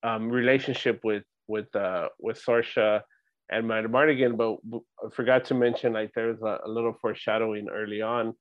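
A man's voice: on the low side, little pitch movement, normal speed, dry recording. Musing man on muffled, dry audio. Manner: reflective, analytical, often adds "right?". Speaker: podcast co-host. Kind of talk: casual rewatch chat.

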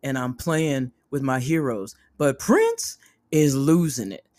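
Animated, profane woman storyteller. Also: extremely low pitch, slow, dry recording. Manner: animated, profane, acts out the people in her story. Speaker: host. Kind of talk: personal storytelling.

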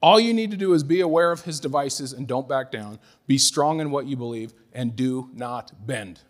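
A middle-aged man preaching a sermon as a pastor, emphatic and repetitive, moving between loud exhortation and quiet, laughing asides. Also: medium pitch, normal speed, long reverb tail.

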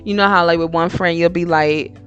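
A woman's voice: fairly low pitch, brisk, muffled recording, faint music behind. A woman hosting her own podcast, giving frank, slangy advice in a casual monologue. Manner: frank, slangy and animated, switching into impressions. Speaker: podcast host.

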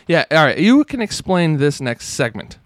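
Young guy cohosting a comedy podcast, kinda high voice, dry close mic, lively. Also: normal speed, no echo. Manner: animated, acts out quoted characters. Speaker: podcast co-host. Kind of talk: casual comedy podcast chat.

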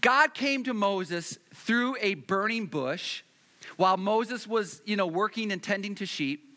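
A male pastor preaching with a high, animated voice that leaps up and down. His tone is bright and forceful, and he repeats key lines, slowing and swelling in volume to press a point home. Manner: repeats phrases for emphasis, slows down and gets louder on key points. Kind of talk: sermon.

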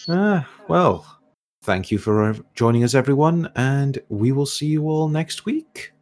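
A man hosting a tabletop game podcast, relaxed and a little hesitant in his sign-off. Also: mid-range voice, measured pace. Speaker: podcast host. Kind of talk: casual chat.

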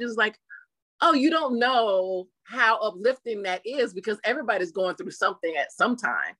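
Bright, animated woman telling stories. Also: fairly high pitch, normal speed, no room sound. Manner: animated storyteller who acts out quotes in lively voices; chatty, with frequent "you know" fillers. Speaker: interview guest. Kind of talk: casual interview chat.

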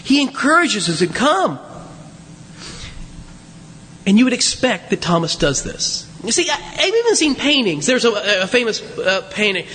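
A man's voice: sits high, very animated, moderate pace, bright, forceful tone, slight background noise. A man preaching a sermon in a conversational way, full of rhetorical questions and asides to the congregation. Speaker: pastor. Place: church sanctuary. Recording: long reverb of a large hall.

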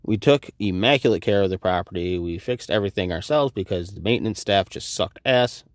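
A man in his thirties, hosting a podcast and telling a story in a casual, profane, animated way, acting out the quoted exchanges. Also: deep voice, fairly quick, dry recording, clean studio sound. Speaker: podcast host.

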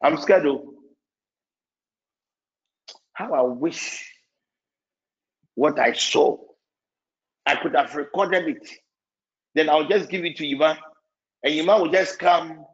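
High gravelly preacher, swings wildly in pitch, bursts into shouts, dull lo-fi recording. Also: male voice. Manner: emotional, repetitive preaching with sudden shouts. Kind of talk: sermon.

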